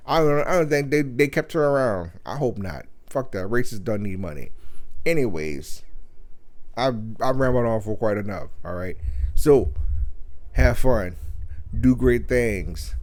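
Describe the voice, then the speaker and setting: A young man hosting a podcast, telling a profane story in an animated, loud rant full of cursing and mimicked voices. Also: medium pitch, a little slow. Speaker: podcast host.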